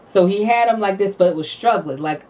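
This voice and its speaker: A woman in her thirties co-hosting a podcast, telling animated family stories, acting out quotes and laughing often. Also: mid-range voice, normal speed, distant mic. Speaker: podcast co-host. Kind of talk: casual chat.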